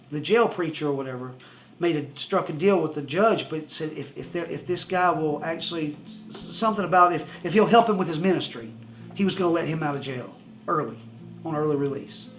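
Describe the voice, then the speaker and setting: A man telling a personal testimony story to the camera, excitable and rambling with many restarts. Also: a little high, a little fast, a little hiss or hum, low-quality recording. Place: indoors, seated facing the camera.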